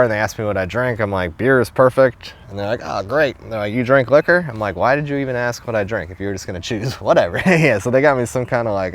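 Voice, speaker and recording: A young man from New York tells a travel story in a slightly low voice. His talk is casual and full of fillers, with plenty of swearing and laughter. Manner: loose and profane, laughs often, lots of fillers. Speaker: hitchhiker telling a travel story.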